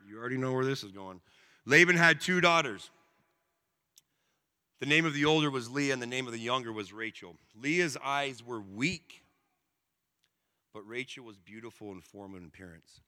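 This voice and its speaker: Male preacher, casual and animated, slangy asides; bright tone, long reverb. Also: medium pitch, fairly quick. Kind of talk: sermon.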